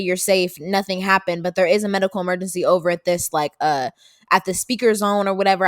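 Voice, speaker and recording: Fast-talking young woman, profane storyteller. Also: mid-range voice, no echo, studio quality. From Seattle. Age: about 18. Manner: animated, profane, laughing storytelling. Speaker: podcast co-host, daughter. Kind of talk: casual storytelling chat.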